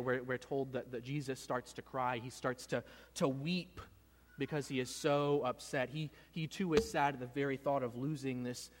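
A man's voice: medium pitch, big-room sound. A man preaching a sermon, retelling a story in an earnest way and often repeating words as he goes. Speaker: pastor.

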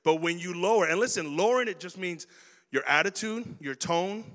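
Male preacher, high and animated, acts out scenes for a young crowd; hall echo. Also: normal speed. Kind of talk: sermon to young people.

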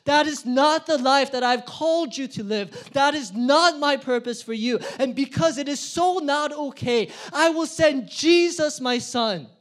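Preacher doing god all fired up, loud and slow and emphatic, high voice. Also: male voice. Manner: forceful, emphatic, slow and building. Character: passionate, zealous God refusing sin.

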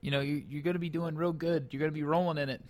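A man's voice: a little high, steady tone, rapid-fire. A man in casual conversation, joking and teasing playfully. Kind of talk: casual chat.

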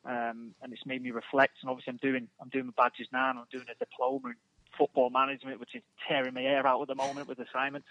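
A man's voice: medium pitch, fast, gravelly. A man calling in as a guest, chatting casually and self-deprecatingly about his studies. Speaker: phone guest, former footballer. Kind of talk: casual chat. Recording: dry phone line.

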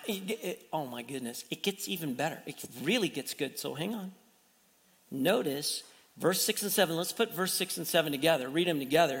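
Guy preaching, chatty, tosses out questions, higher voice, hall reverb trailing. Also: gravelly, fairly bright tone. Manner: conversational preaching, rhetorical questions, restarts. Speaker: pastor. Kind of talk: sermon.

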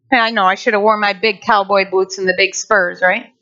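A woman pastor preaching a sermon in an animated way, breaking into quick voices. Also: medium pitch. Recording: dull lo-fi sound.

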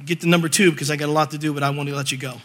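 A man preaching a lively, comic sermon to a church congregation, telling stories with acted-out quotes. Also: fairly high pitch, racing. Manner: animated storytelling with acted quotes and laughter.

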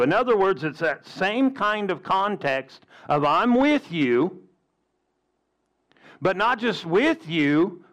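A man's voice: high voice, fairly bright tone. A man preaching a sermon with emphatic delivery and rhetorical questions. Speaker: pastor.

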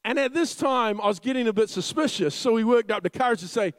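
A young man preaching a sermon as a funny story, lively and laughing often as he tells it. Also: very high voice, quick pace, no echo.

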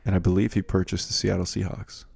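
A man's voice: low-pitched, fast, gravelly, husky. A man co-hosting a casual podcast chat, telling stories in a loose, joking way. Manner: animated storyteller, loose and joking.

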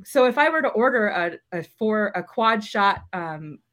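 A woman's voice: medium pitch, lively intonation, measured pace, a bit bright. Chatty woman podcast guest. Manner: chatty, explaining with fillers. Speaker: guest, media relations. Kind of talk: casual chat.

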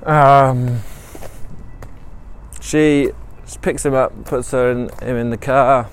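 Slow, rambling man telling a story. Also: medium pitch, steady tone, clean tone, soft background music. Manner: rambling, many ums and self-corrections. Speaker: podcast host. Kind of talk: improvised storytelling while walking. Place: outdoors, walking along a city canal.

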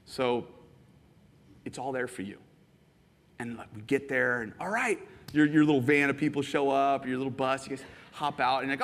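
A man preaching a sermon, animated and playful, acting out little scenes and jumping into excited voices for the people in his stories. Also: moderate pace, long reverb tail. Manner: animated, jumps into high excited voices when quoting. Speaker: pastor. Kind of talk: sermon with acted-out illustrations.

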